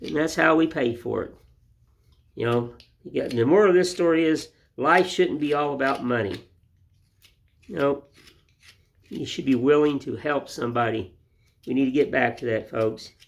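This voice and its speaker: Man, mid-pitched voice, folksy, rambling, talks to folks while carving, wood shop. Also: normal speed, vocal fry, pauses often. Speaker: woodcarving channel host. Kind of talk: casual folksy talk to viewers while whittling.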